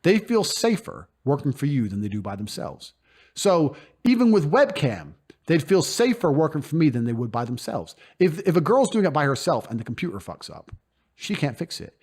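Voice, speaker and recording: A man's voice: a little high, very animated, normal speed, darkish tone, husky. A man speaking bluntly and emphatically as a guest in a casual interview, swearing freely and often acting out other people's voices. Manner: acts out quoted speech in put-on voices. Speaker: podcast guest.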